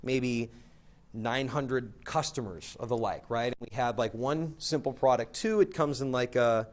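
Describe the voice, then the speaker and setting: A man's voice: mid-range voice, measured pace. A man telling a casual, rambling story as a guest, filling his talk with "like" and "right?".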